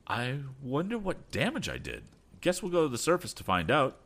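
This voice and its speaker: A man voicing an eager young male inventor in an adventure audiobook, talking in quick, excited bursts. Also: medium pitch, pitched above the performer's own voice, heavily acted.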